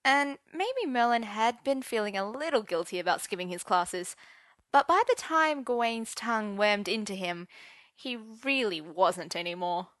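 A woman reading a romance story aloud, expressive and switching voices for each character. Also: a little high, unhurried, dry recording, studio quality. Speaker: narrator. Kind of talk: audiobook narration of romance fiction.

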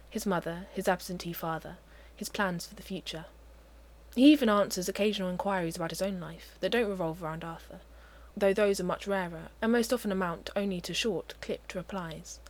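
A woman narrating a story aloud, expressive, with occasional hushed asides. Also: medium pitch. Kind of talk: audiobook reading of fiction.

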